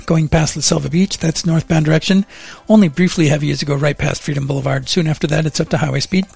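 Gravelly, husky-voiced radio traffic man. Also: fairly high pitch, steady tone, fast talker, darkish tone, soft background music. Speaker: traffic reporter. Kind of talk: radio traffic and weather report. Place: radio studio.

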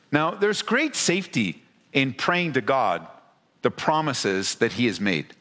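A man's voice: fairly high pitch, bright, forceful tone, big-room sound. A man preaching as a pastor to a congregation, talking in a conversational way and firing off rhetorical questions with frequent restarts. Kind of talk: sermon. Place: church hall before a congregation.

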